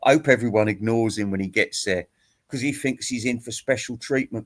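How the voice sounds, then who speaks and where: A man's voice: mid-range voice, fairly quick, a bit bright. A man giving a rambling, teasing, crude rant aimed at other online commentators. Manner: teasing, crude, laughs at own jokes. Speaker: YouTube commentator. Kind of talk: rambling mock-serious rant.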